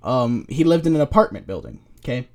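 A podcast co-host with a medium-pitched, darkish voice talks animatedly and fairly quickly into a podcast microphone. He chats casually and tells loose, profane stories.

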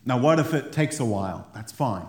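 A man preaching a sermon to his congregation, animated, laughing often and repeating words as he goes. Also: medium pitch, moderate pace. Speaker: pastor. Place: church hall. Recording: echoey church room.

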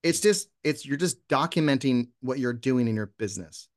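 A man talking as a guest in a casual interview, lively and often acting out example posts. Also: medium pitch, normal speed. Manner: animated, acts out sample posts in voices. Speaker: podcast guest.

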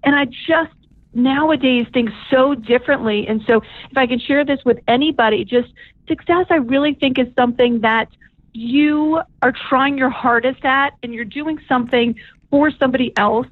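A woman guest chatting candidly in an interview, quick to laugh, heard over a phone call. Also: high-pitched, no room sound. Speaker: podcast guest. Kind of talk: casual interview chat. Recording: tinny phone line.

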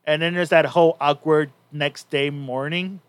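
A man's voice: fairly high pitch, steady tone, normal speed, clean tone, no room sound. A man co-hosting a podcast, casually recapping a story in a rambling way with many restarts. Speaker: podcast co-host.

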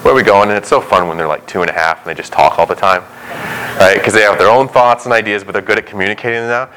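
A young man preaching a sermon in a low-ish voice, relaxed and conversational rather than grand. He slips into little acted-out quotes and back-and-forth dialogue as he talks. A faint room hum sits behind him. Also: fast talker, rough recording. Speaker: pastor.

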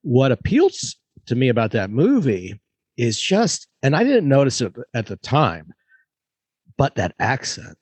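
A man's voice: mid-range voice, huge pitch swings, a little slow, a little mellow, slightly rough, no room sound. A man from Maryland telling stories in casual chat, swearing freely and talking with relish. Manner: profane, enthusiastic storyteller.

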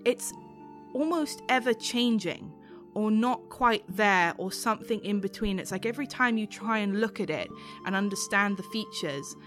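A woman game master narrates a tabletop scene in a soothing, descriptive way. Her voice sits at an ordinary mid pitch and she takes her time. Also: normal speed, a bit bright, soft background music.

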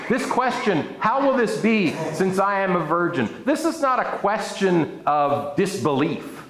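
A man preaches a sermon, reading scripture and breaking into playful asides. His voice sits a little high and swings widely in pitch. The sound carries the echo of the room he speaks in. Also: very animated, unhurried, crowd noise. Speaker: pastor. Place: church room with an audience. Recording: echoey room.

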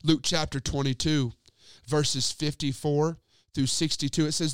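A man preaching a sermon and retelling a scripture story, talking straight to his listeners and letting his sentences sink to low, quiet endings. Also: fairly even intonation, measured pace, clean tone, no room sound, studio quality. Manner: addresses listeners directly as friends.

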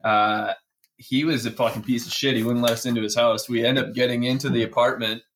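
A man's voice: mid-range voice, flat delivery, a little fast, fairly bright tone, a little hiss or hum. A young man co-hosting a podcast, telling party stories in a profane, laughing, casual way. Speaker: podcast co-host. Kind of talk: casual storytelling chat.

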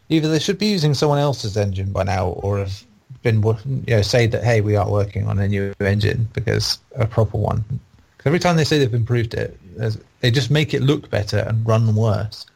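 A man's voice: medium pitch, expressive, normal speed, vocal fry, darkish tone, husky. A man reviewing games in a casual, rambling and opinionated chat. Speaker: game reviewer on a podcast.

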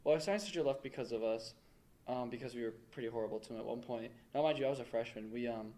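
A man's voice: mid-range voice, fast talker, a little mellow. A young man animatedly telling stories about school pranks, often laughing as he talks. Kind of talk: casual storytelling chat.

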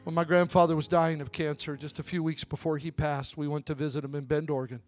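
A young male preacher with a high voice delivers a sermon, telling a story in a warm conversational way and then rising into shouted, drawn-out appeals. Soft instrumental music plays faintly behind him. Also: level tone.

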